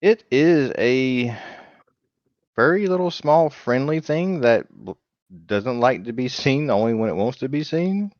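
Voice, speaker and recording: A man's voice: mid-range voice, animated, a little slow, darkish tone, no echo. Rambling man on a dull lo-fi mic. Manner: rambling, loses track of names. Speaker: player. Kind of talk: casual tabletop chat.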